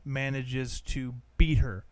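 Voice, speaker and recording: A man's voice: mid-range voice, steady tone, takes it slowly, a little mellow. A man co-hosting a podcast, casually recapping a film's plot in a rambling way and acting out the characters' lines. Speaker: podcast co-host. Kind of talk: casual movie-review chat.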